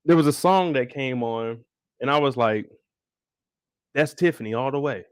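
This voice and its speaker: A young man giving a casual live recap of a TV episode, talking in animated, slangy, profane banter. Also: mid-range voice, moderate pace, smooth, no room sound, studio quality. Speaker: show recap host.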